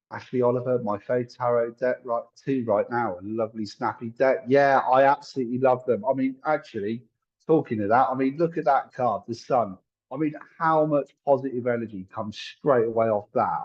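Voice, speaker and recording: Husky-voiced man, chatty psychic. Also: medium pitch, highs cut off. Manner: chatty, apologetic, thinks aloud with many fillers. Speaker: psychic medium. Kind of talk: live-streamed psychic reading.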